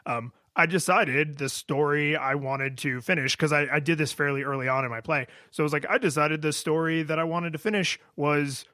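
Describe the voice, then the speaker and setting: A man co-hosting a podcast in casual chat, animated, laughing often and restarting his sentences. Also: a little high, fairly quick, few pauses, dry recording, studio quality. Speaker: podcast co-host.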